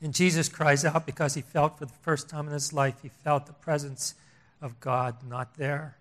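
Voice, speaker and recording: An older man preaching a sermon, emphatic and repetitive, swinging between loud stresses and hushed lines. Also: a little high, level tone, normal speed.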